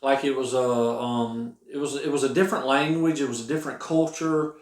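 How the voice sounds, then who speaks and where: A man's voice: medium pitch, steady tone, fairly quick. A man earnestly talking about his song at home, rambling a little with many restarts. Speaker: singer-songwriter explaining his song. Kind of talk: casual spoken reflection. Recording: roomy echo.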